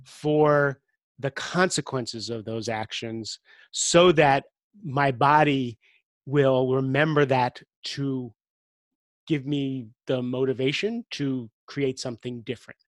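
A man's voice: mid-range voice, steady tone, takes it slowly, dry recording. A middle-aged man speaking earnestly as an interview guest, often repeating words as he thinks aloud. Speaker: guest coach. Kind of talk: conversational interview.

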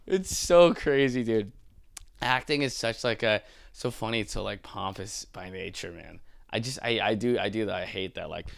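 A young adult man, a comedian, ranting casually and profanely, mocking people with quick put-on voices. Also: fairly low pitch, gravelly, dry recording, clean studio sound. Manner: animated, profane, mocking impressions.

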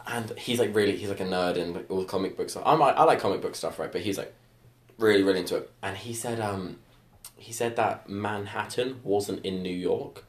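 A man's voice: lowish voice, brisk. A young man telling rambling school stories on a casual podcast, full of "like" fillers and laughter. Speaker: podcast co-host. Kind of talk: casual storytelling chat. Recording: echoey room.

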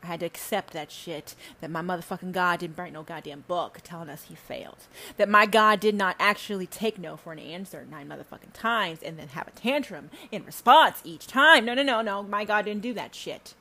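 A woman's voice: brisk, few pauses. Profane, preachy woman podcast host. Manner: profane, emphatic, swings between loud and low. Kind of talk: preachy spiritual rant.

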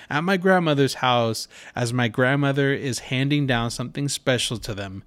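Man, podcast host, casual rambling storytelling, mid-pitched, dry close mic. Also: brisk, hardly any pauses, clear, resonant tone, dry recording. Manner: rambling, with many fillers and restarts.

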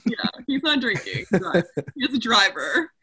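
A woman's voice: a little high, very animated, normal speed, pushed and bright, breathy edge. A woman co-hosting a podcast in casual chat, wry and laughing as she talks. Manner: wry, laughs while talking. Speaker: podcast co-host.

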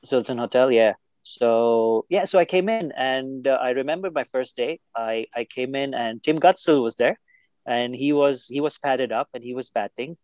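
Guy, guest telling old stories, keeps stumbling and repeating, flat dull dry sound. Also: mid-range voice, moderate pace, dry recording. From India. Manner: hesitant, repeats words, unsure of dates. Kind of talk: casual interview storytelling.

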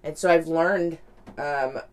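A woman's voice: low voice, slow, darkish tone. A woman talking candidly in a casual reflective monologue, rambling, with lots of "like" and "right?".

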